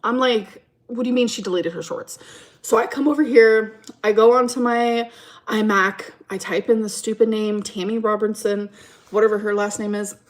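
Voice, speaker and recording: A woman's voice: medium pitch, steady tone, moderate pace. Chatty woman telling a livestream story. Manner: chatty, rambling, reads chat aloud. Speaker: streamer. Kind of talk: casual livestream story time. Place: at home.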